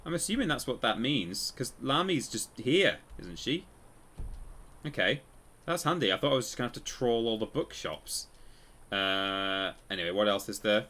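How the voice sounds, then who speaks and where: A man's voice: medium pitch, expressive, normal speed, bright, forceful tone. A man casually commenting while he plays a game on a live stream, rambling and correcting himself as he tells stories. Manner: rambling, self-correcting storyteller.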